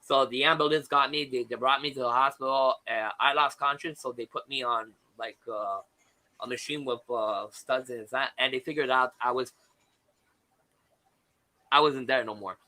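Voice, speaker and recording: Bright-voiced man telling a story haltingly. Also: medium pitch, fairly even intonation, rough recording. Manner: halting, frequent restarts and fillers. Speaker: guest. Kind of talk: casual storytelling on a live panel.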